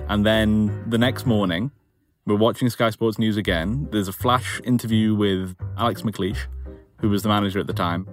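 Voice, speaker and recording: A young adult man from England, telling a personal story in an animated, casual way full of "like" and "you know". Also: on the low side, normal speed, soft background music. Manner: animated, casual, filler-laden. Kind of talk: interview storytelling.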